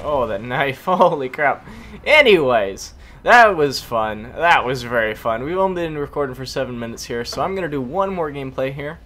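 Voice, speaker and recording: A hoarse young man giving excitable gameplay commentary, groaning and exclaiming at his teammates. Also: medium pitch. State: hoarse, losing voice. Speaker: gaming YouTuber. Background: faint gunfire from the game.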